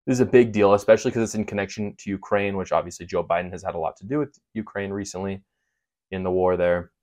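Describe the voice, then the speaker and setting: A man delivers a heated political monologue in a fairly low voice, stressing his points with sarcasm and indignation. He talks straight to his viewers like a commentator building a case. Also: steady tone, quick pace, darkish tone. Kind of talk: opinion monologue.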